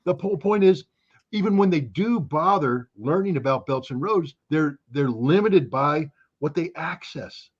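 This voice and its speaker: A man in his sixties giving an interview, with an animated, sarcastic delivery and frequent restarts. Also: on the high side, measured pace, breathy edge. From United States. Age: 60s. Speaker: interview guest. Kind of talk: opinionated interview talk. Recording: dull lo-fi recording.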